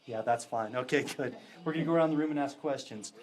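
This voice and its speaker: A man, a psychic medium, leading a live ghost box session with a group indoors, chatty and quick to laugh as he relays answers. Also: mid-range voice, faint music behind. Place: indoors in a historic house with a group.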